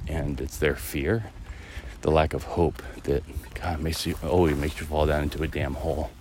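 Very deep-voiced man musing aloud. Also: little pitch movement, moderate pace, a little mellow, slight background noise. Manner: rambling, musing, with many fillers and restarts. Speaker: podcast host. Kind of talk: casual reflective monologue. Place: outdoors, walking a dog through a neighborhood.

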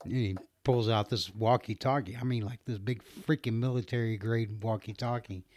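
A man's voice: on the low side, fairly even intonation, moderate pace, darkish tone, dry recording, clean studio sound. A middle-aged man casually telling a rambling story about his trucking job, laughing often and restarting his sentences.

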